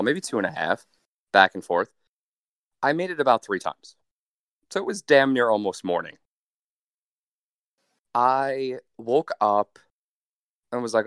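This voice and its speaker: A young man telling a story in a casual, animated, profane way, with deadpan asides. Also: on the low side, dry recording, studio quality. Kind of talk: casual story told to a friend.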